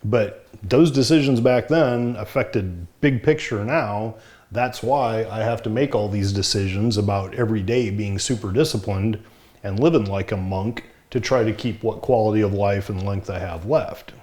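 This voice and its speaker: Man, middle-aged, low voice, blunt and wry, a bit breathless, casual talk to camera. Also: moderate pace, a little mellow. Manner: frank, plainspoken, wry. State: short of breath. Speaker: vlogger.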